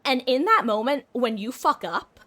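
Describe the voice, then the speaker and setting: Woman, game streamer, rambling casual chat, bright voice. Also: high-pitched, very animated, normal speed. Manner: rambling, candid, swears casually. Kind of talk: casual chat while gaming.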